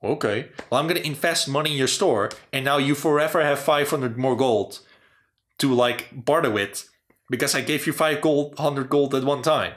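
A man's voice: mid-range voice, moderate pace, fairly bright tone. A man hosting a casual talk about game design, rambling with lots of "you know" and "like". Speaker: channel host.

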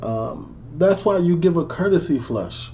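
Slow, laid-back guy reacting. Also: on the high side, animated, dark tone, highs cut off, slight background noise. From Chicago, USA. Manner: slangy, joking, laughs often. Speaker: reaction video host. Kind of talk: casual reaction commentary.

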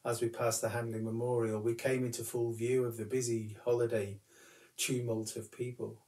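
A man who is a curate, giving a calm, reflective talk that tells a personal story. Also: mid-range voice, moderate pace, echoey room, recorded from a distance. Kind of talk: recorded sermon talk.

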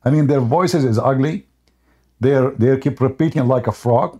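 A man's voice: medium pitch, normal speed, dark tone, husky, muffled recording. A man hosting a debate stream, talking in a casual, mocking monologue and wandering into rambling anecdotes, chuckling often. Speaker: debate show host.

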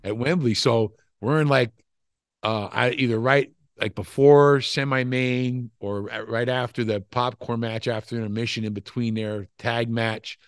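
This older man talks a little slowly at a medium pitch, sharing wandering, profane wrestling stories with animation in a casual interview. The sound is clean studio audio without echo.

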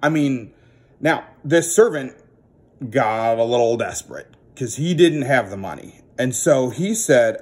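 A man teaching children a Bible story as a children's ministry teacher, animated and acting out the characters. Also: medium pitch, a little slow, breathy edge.

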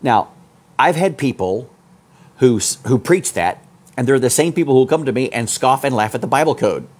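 A man preaching a sermon as pastor, fiery, swinging from loud peaks to low asides. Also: animated, moderate pace, breathy edge.

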